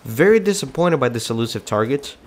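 A man's voice: medium pitch, expressive, a little fast. A congested man with a cold, hosting a gaming video and chatting casually while reading game text aloud. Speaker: gaming channel host.

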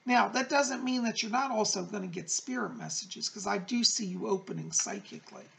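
A middle-aged man hosting a psychic advice show, reading viewer letters aloud and answering them in a gentle, reassuring, chatty way. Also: high voice, brisk, gravelly. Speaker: psychic medium host.

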